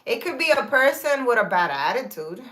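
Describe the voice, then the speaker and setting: A woman's voice: fairly high pitch, big pitch swings, brisk, pushed and bright. A woman, a spiritual healer, chatting casually to her viewers in a rambling way, full of fillers and restarts, answering their comments. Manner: reads viewer comments aloud and answers them.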